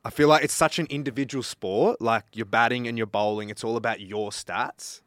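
A man with a middle-pitched voice, talking in a relaxed, sweary way that turns earnest in bursts. The recording is close and dry. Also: a little fast, no room sound. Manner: earnest then laid-back, swearing. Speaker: podcast co-host. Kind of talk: casual chat.

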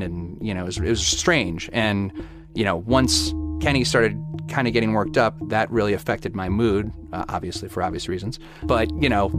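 A young man casually recounting a personal story in a loose, rambling way, full of fillers. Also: on the low side.

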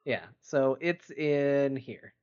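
An easygoing man chats as a player in a tabletop game at a middle pitch. His audio is dull and lo-fi, as if it came through a weak mic. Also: extremely slow, darkish tone, clean tone. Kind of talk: casual game chat.

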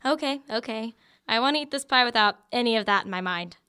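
A young woman acting a college student who lives in a frat house, quick to bicker, in an audio drama. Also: fairly high pitch, lively intonation, bright, forceful tone, clean tone. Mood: lively. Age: young adult.

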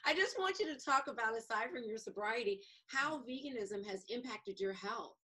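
A woman's voice: on the high side, animated, normal speed, pushed and bright, slightly rough. A woman hosting a podcast, asking questions in a sympathetic, chatty way. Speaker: podcast host. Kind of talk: casual podcast conversation.

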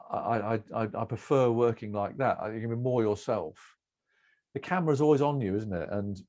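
A middle-aged man telling relaxed anecdotes as an interview guest, rambling and self-deprecating with restarts and chuckles. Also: medium pitch. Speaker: cricket broadcaster, interview guest.

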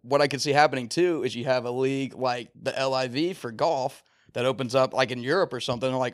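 A man's voice: mid-range voice, fast talker, no echo, studio quality. A man co-hosting a casual sports podcast, spinning long hypotheticals and acting out quotes. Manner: rambling hypotheticals, acts out quotes. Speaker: podcast co-host.

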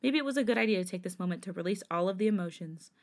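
A woman's voice: mid-range voice, expressive, rapid-fire. Woman reading a fanfic aloud. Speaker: podcast host.

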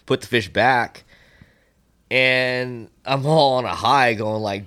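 A middle-aged man telling a fishing story in casual podcast chat, profane and animated when he acts out the exchange. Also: mid-range voice, brisk. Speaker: podcast guest, swimbait angler.

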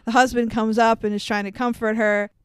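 A fairly high-voiced woman chats about a movie on a podcast, laughing often and swearing casually. Her voice is smooth and clear, recorded close and dry with no room sound. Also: little pitch movement, brisk, no echo. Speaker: podcast co-host. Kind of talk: casual movie recap chat.

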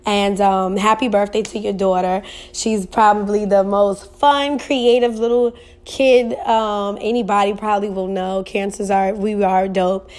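A woman's voice: medium pitch, fairly even intonation, measured pace, a little mellow. A young woman hosting a podcast, reading a listener's message aloud and reacting in a casual, emotional, laughing way. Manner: emotional, laughing, colloquial and chatty. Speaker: podcast host.

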